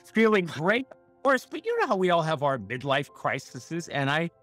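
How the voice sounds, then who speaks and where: A man's voice: on the high side, sing-song, moderate pace, a bit bright, faint music behind. A man in his fifties hosting a podcast, upbeat and enthusiastic in casual interview chat, laughing often. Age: 50s. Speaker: podcast host.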